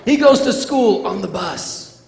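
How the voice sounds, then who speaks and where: In an echoey school gym or auditorium with faint crowd noise, a man delivers an animated, playful motivational talk to schoolchildren, acting out little scenes. His voice is high-pitched, creaky, a little mellow, and unhurried, with lively intonation.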